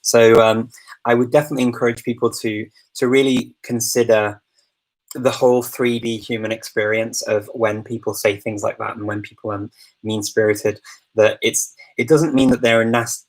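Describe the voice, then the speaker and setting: A man's voice: mid-range voice, rough recording. A man from the United Kingdom hosting a live Q&A, answering viewer questions in a thoughtful, upbeat, casual way. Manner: thoughtful and upbeat, calls himself a positive person. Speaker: host of a live Q&A.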